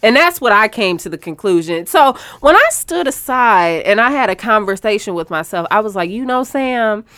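A young woman co-hosting a casual podcast, telling stories loudly and with lots of profanity. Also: animated, moderate pace, few pauses, dry recording. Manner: loud, profane storytelling with big pitch jumps. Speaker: podcast co-host. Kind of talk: casual chat.

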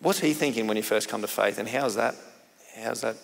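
A man, a pastor, interviews a guest in an easygoing way, restarting his questions as he goes. His voice has a gravelly edge. It carries a long hall reverb. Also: fairly low pitch, brisk. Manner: warm prompting questions, trailing restarts. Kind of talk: casual interview.

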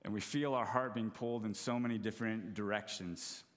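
A man's voice: lowish voice, fairly even intonation, brisk. A man in his thirties preaching a sermon, telling a self-deprecating, humorous story about his family. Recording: long hall reverb.

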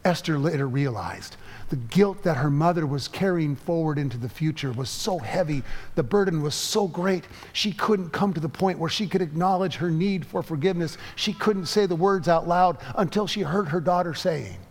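A male pastor preaching a sermon, telling a story with emotion and halting repetitions. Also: on the high side, animated, big-room sound.

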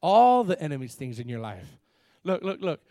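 A man preaching a lively sermon, reading scripture and repeating his words with frequent laughs. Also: a little high, normal speed, dry recording, clean studio sound. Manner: animated, repeats words, laughs often, acts out characters. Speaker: pastor.

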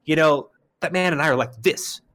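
A man from Arizona co-hosting a podcast, telling a story in casual chat with a profane, heated delivery that jumps to shouting. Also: on the high side, normal speed. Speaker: podcast co-host.

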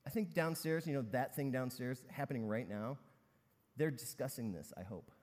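A man's voice: mid-range voice, moderate pace, a little mellow. Chatty preacher man in a big hall. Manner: conversational storytelling with many fillers. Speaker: pastor. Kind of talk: sermon. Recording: long reverb in a large hall.

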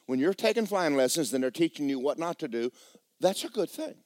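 A male pastor preaching a sermon with animated, folksy, joking storytelling. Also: fairly high pitch, a little fast, no room sound.

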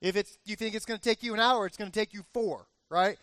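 A man in his forties preaching a sermon as pastor, telling a lively family story and acting out the cheers. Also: sits high, fast talker, dry recording. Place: church.

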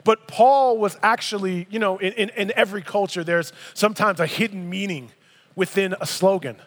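A man's voice: high voice, moderate pace, a bit bright. A man in his thirties preaching a sermon in a church, reading scripture and breaking into casual, emphatic asides. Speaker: pastor. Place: church sanctuary. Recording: long reverb of a large hall.

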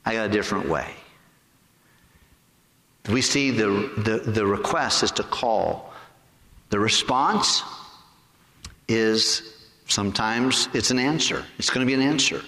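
A man preaching a sermon to his congregation. He asks them rhetorical questions and stretches key words slowly for emphasis. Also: fairly high pitch, a bit bright. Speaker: pastor. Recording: echoey hall with long reverb.

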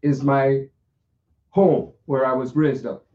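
A man's voice: medium pitch, fairly even intonation, takes it slowly, a little mellow, highs cut off. An older man, reminiscing in a playful, rambling way with many restarts. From Jamaica. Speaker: pianist. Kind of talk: reminiscing monologue. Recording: echoey room, voice from far off.

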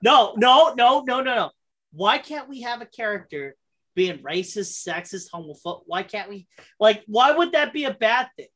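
A woman co-hosting a casual podcast chat, talking in an animated way with many fillers and restarts. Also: a little high, moderate pace. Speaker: podcast co-host.

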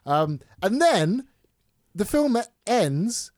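Young man, podcast co-host, playful storyteller, very lively pitch, dry sound. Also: drawn-out words, no echo. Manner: playful storyteller, teasing, jumps in pitch when excited. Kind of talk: casual chat.

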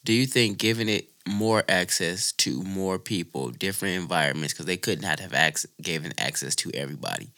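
A man co-hosting a casual podcast chat, asking long, winding questions with an animated delivery. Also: low-pitched, a little fast, few pauses. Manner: animated, questioning, laughs often.

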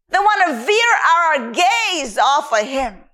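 Woman preacher, sermon, high voice, lively pitch swings, emphatic. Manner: slow, emphatic, scripture-quoting.

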